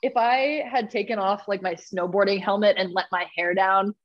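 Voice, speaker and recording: A woman telling stories in a casual podcast chat, animated and laughing often, with lots of fillers. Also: mid-range voice, moderate pace, muffled recording. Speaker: podcast guest, rowing coxswain.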